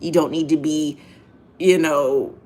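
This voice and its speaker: A woman's voice: low-pitched, fairly even intonation, slow pace, mellow, a little hiss or hum. A woman hosting a casual monologue in a blunt, profane, emphatic way, often repeating phrases for effect. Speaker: host.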